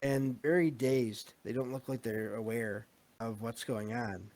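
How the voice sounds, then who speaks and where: A man's voice: mid-range voice, steady tone, a little slow, darkish tone. A man hosting a podcast, recapping a film in a loose, rambling way. He fills his talk with ums and restarts, and sometimes turns aside to answer his live chat. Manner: rambling, many fillers, reads live chat. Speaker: podcast host. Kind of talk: casual movie review chat.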